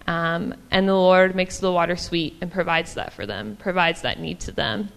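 A woman's voice: fairly low pitch, normal speed, vocal fry, hardly any pauses, smooth. Woman with a drawl, preaching in a reverberant hall. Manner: warm, chatty, many ums and small laughs. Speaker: church speaker. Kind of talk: casual sermon.

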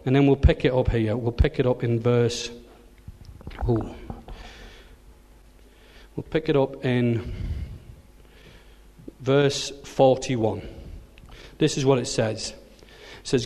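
A male preacher gives his sermon as a lively, joking storyteller. His voice sits at a middle pitch and rings in a long hall reverb. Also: slow.

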